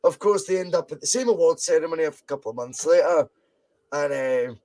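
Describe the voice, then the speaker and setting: A man co-hosting a casual podcast chat, telling stories in an animated way and swearing freely. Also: a little high, a little fast. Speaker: podcast co-host.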